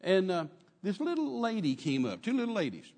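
A man preaching a sermon in an animated way, acting out quotes and dropping at times to a soft murmur. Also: high voice, fairly quick, long reverb tail. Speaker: pastor.

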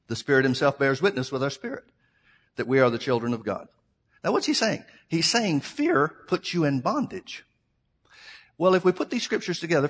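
A man's voice: fairly high pitch, fairly bright tone. Man preaching a conversational sermon. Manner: conversational preaching, asks rhetorical questions and addresses "folks".

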